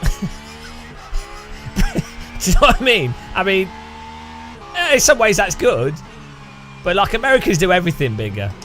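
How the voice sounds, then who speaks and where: A man's voice: sits high, sing-song, normal speed, pauses often, pushed and bright, faint music behind. A man streaming a sim racing session, chatting in a rambling, jokey way and often breaking into laughter. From United Kingdom. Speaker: gaming streamer. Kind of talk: casual chat while sim racing.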